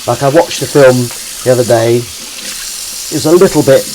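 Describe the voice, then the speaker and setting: A man's voice: mid-range voice, moderate pace, background noise. A man hosting a livestream, chatting in rambling, self-mocking banter full of ums and asides while washing up in his kitchen. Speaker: livestream host. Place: home kitchen at the sink.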